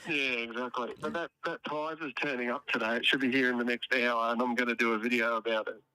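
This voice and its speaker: A man's voice: medium pitch, fairly even intonation, fast talker, pushed and bright, clean tone, rough recording. A man calling in to a live show, chatting in a rambling, wry way with dry jokes. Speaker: call-in guest. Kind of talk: casual phone-in chat.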